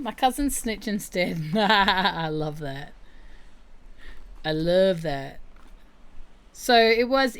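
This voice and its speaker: A young woman hosting a casual livestream chat, candid and chatty, laughing often. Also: mid-range voice. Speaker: livestream host.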